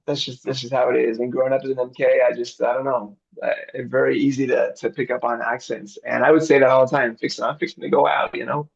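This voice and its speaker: A man's voice: mid-range voice, little pitch movement, fast, vocal fry, few pauses, breathy edge, muffled recording. A middle-aged man, a missionary director, chatting easygoingly in an interview over a video call. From grew up abroad as a missionary kid. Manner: easygoing, chuckles often.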